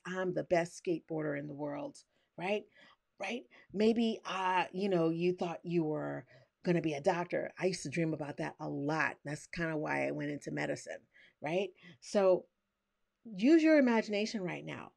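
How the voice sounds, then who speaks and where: Bubbly woman presenter, lively voice. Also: mid-range voice, creaky. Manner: bubbly, chatty and excitable, with lots of "right?". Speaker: online course creator and trainer. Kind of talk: live online workshop.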